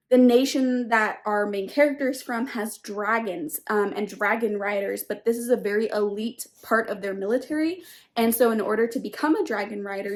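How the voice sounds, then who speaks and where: A young woman vlogging about books, gushing casually with many "like" fillers and sometimes dropping into a whisper. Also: medium pitch. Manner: gushing, filler-heavy, lots of "like"; drops into a whisper late at night. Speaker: book vlogger. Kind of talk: casual reading vlog.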